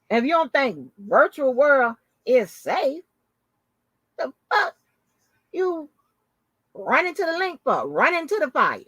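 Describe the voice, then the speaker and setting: A woman's voice: a little high, no room sound. Woman, channel host, casual storytelling, cursing, mocking, dry close sound. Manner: animated storytelling, heavy profanity, mocking. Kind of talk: casual live-stream commentary.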